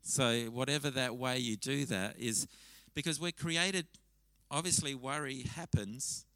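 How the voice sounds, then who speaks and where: Bright-voiced man preaching a conversational sermon. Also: medium pitch, measured pace, no room sound, rough recording. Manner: conversational, animated storytelling with frequent restarts. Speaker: pastor. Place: church service.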